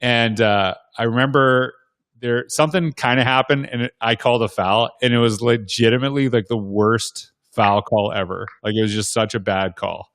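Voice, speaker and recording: Brief: male educator, mid pitch, loose rambling anecdotes, dry close sound. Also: fairly even intonation, normal speed, a bit bright, dry recording. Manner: rambling, many restarts and "like"s. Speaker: guest panelist, educator and former basketball referee. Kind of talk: casual storytelling on a video panel.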